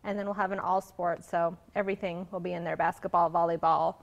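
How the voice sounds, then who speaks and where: A woman guest on a TV news show, casually explaining her cookbook project in a relaxed way. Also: lowish voice, fairly quick, gravelly, muffled recording. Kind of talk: TV interview answers. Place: TV news studio.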